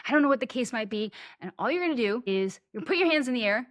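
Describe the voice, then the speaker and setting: A woman's voice: on the high side, expressive, quick pace, few pauses, no room sound. Chatty playful woman on a webcam call from home, dry close sound. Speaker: facilitator and podcast guest. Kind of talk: casual interview chat. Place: home office. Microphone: webcam video call.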